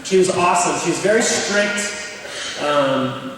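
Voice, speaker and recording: Young guy telling jokey stories at chapel, kinda high voice, big roomy hall sound. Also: animated, unhurried, fairly bright tone, a little hiss or hum. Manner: joking, candid and self-deprecating. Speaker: chapel speaker. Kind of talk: storytelling chapel talk. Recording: echoey hall, speaker far from mic.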